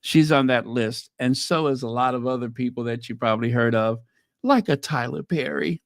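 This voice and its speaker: A man's voice: medium pitch, normal speed, creaky, dry recording, clean studio sound. A man hosting a commentary channel, reading news headlines aloud and reacting to them with casual, opinionated asides.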